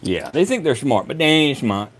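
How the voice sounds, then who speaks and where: A middle-aged man, hosting a casual live chat. He swears freely and laughs loudly at his own jokes. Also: medium pitch, big pitch swings, normal speed. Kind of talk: casual livestream chat reading comments.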